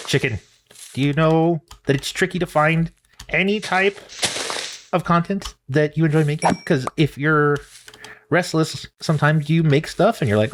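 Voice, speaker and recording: A man's voice: a little high, a little fast, a little hiss or hum. A man hosting a gaming channel, rambling and talking to himself while he plays. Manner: rambling, animated, talks to himself while playing. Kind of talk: casual gameplay commentary.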